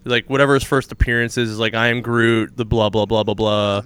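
A man's voice: on the low side, little pitch movement, a little fast, a crowd in the background. A man co-hosting a casual comic book chat, rambling through plot retellings and laughing at his own jokes. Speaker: podcast co-host reviewing comics.

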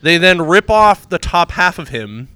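A man's voice: sits high, sing-song, unhurried, pushed and bright, smooth, dry recording. A man co-hosting a casual comic book chat, rambling through plot retellings and laughing at his own jokes. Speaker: podcast co-host reviewing comics.

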